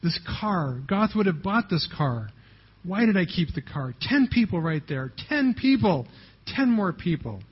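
A man reading out a remorseful wartime businessman's anguished lines, in a husky voice, on a dull lo-fi recording. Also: sits high, sing-song, measured pace, big-room sound, exaggerated voice. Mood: anguished regret.

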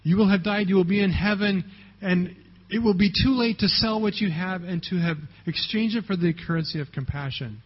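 A man's voice: high voice, a little fast, slightly rough. A man preaching a sermon as pastor, talking conversationally and often checking in with the congregation, on a dull lo-fi recording.

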